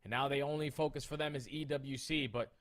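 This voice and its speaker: Dude hyping up an esports match, emphatic and slangy, mid pitch. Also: male voice, fairly even intonation, brisk. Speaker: esports co-stream caster. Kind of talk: casual esports commentary.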